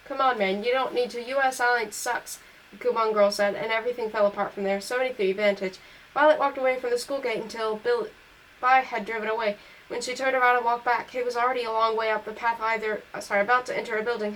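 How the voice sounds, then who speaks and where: Woman reading a novel, fairly high voice. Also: fairly even intonation, fast talker, a bit bright, a little hiss or hum, poor audio. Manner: reads on through slips and self-corrections. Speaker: audiobook reader.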